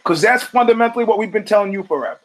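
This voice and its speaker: Profane storytelling man, slightly high voice. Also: very fast, rough recording. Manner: profane storytelling with acted-out quotes. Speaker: podcast host. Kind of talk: casual monologue.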